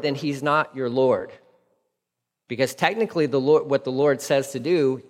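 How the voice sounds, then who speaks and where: A man preaching a sermon in a conversational, animated way, dropping into quick acted asides. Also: medium pitch, big-room sound. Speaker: pastor.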